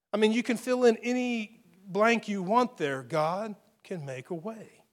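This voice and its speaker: A male pastor delivering a sermon in a high, bright-pitched voice. He speaks earnestly to his congregation, building to emphatic swells and then falling back to soft, quiet asides. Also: a little slow.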